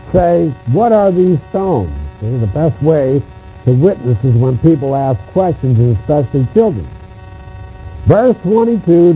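A man with a fairly high, mellow voice preaches a sermon on scripture, driving his points home through repetition. The recording is muffled and lo-fi, with mains hum.

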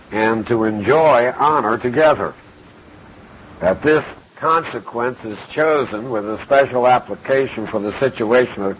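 Man teaching scripture on a dull recording. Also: medium pitch. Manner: measured, methodical, quotes scripture verse by verse. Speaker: Bible teacher. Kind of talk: expository Bible teaching. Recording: dull lo-fi recording with faint hiss.

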